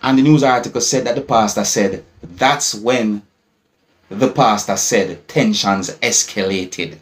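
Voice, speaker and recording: A man's voice: fairly low pitch, measured pace. Jamaican man retelling a news story. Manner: keeps asking viewers "you see?". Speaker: vlogger. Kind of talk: news commentary vlog.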